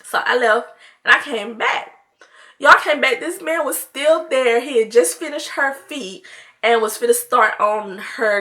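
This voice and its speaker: A woman's voice: on the high side, unhurried, pushed and bright. A woman vlogger telling a story in casual chat, with laughing asides to her viewers.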